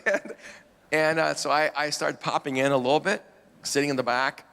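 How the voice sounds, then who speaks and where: Man, pastor, gravelly voice, chatty storytelling with false starts, long hall reverb. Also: a little high, steady tone, a little fast, background noise. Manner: rambling, many restarts, laughs at himself. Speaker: pastor, interview guest. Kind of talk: storytelling in an interview.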